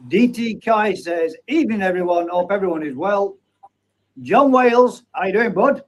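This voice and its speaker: A man's voice: high-pitched, animated, moderate pace, poor audio. A man hosting a live chat stream. He reads out viewer comments and banters with his guests in a casual way. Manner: chatty, banters and reads names aloud.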